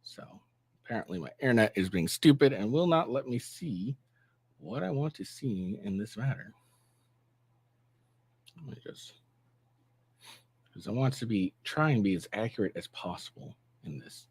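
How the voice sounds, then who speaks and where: Man, rambling sarcastic commentary vlogger, animated pitch, dry close sound. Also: moderate pace, long pauses, husky, dry recording. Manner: rambling, with fillers and sarcastic asides. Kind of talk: casual reaction commentary.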